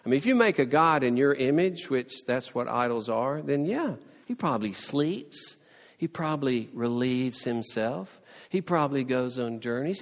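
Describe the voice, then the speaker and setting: A man preaching a sermon, telling the story with lively, playful asides and mock sarcasm. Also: medium pitch, normal speed, in a large hall.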